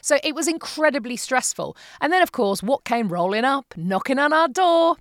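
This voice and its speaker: A woman in her forties, telling her story as a podcast guest in a candid, animated, self-mocking way, with the odd swear word. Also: high voice, moderate pace, no echo, clean studio sound. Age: 40s.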